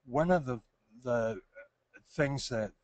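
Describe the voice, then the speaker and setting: A man's voice: medium pitch, slow pace, a little mellow, dry recording. A man presenting on creativity, answering audience questions in a hesitant, thoughtful way with many restarts. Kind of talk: thoughtful Q&A talk.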